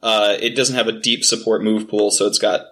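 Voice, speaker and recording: A man appearing as a podcast guest, explaining a game team in a measured, casual way. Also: on the low side, level tone, fairly bright tone. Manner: measured, with fillers.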